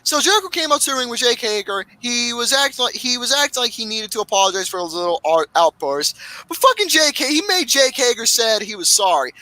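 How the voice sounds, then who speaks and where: A man hosting a casual podcast, recapping wrestling matches with lots of swearing and excitement. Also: very high-pitched, brisk, no room sound, low-quality recording. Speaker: podcast host.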